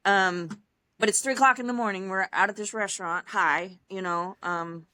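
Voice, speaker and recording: A young adult woman, a podcast guest, telling her personal story in a casual, animated way, acting out other people's lines with laughs and fillers along the way. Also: medium pitch, normal speed, no room sound. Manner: animated, acts out quoted dialogue, frequent laughs and fillers.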